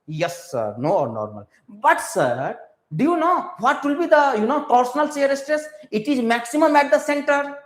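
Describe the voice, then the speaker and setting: A man's voice: extremely high pitch, big pitch swings, measured pace. A man with an Indian English accent teaching a live online exam-prep class. He switches between English and Hindi, repeats his points and keeps quizzing his viewers. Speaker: engineering exam tutor. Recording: roomy echoey room.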